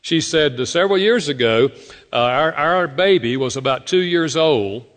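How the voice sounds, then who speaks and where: A man preaching a sermon, telling stories and speaking directly to his congregation with lively emphasis. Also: on the high side, moderate pace. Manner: animated storytelling preacher, addresses congregation directly. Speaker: pastor. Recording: long hall reverb.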